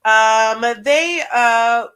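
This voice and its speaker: A woman's voice: a little high, extremely slow, a bit bright, clear, resonant tone. A woman co-hosting a podcast, recapping a reality show in a rambling, playful way with many fillers. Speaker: podcast co-host. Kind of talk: casual reality TV recap chat.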